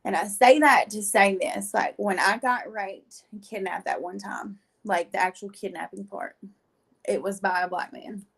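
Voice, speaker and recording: A woman, a guest on a talk show, telling her faith testimony in an animated, chatty way with many filler words and frequent laughs. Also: medium pitch, normal speed, creaky, husky, low-quality recording. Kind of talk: animated storytelling.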